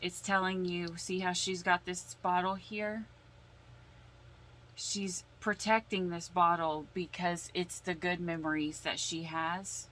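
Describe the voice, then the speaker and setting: A woman giving a casual tarot reading, slow and emotional, sighing and holding back tears as she explains the cards. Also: fairly low pitch, a bit bright, rough recording. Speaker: tarot reader.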